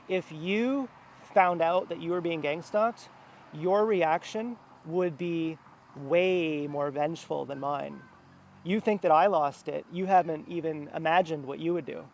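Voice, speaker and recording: A man's voice: on the high side, a little hiss or hum. A man talking to camera in a rambling personal monologue, meandering, with many fillers and restarts. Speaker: vlogger. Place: outdoors near a house.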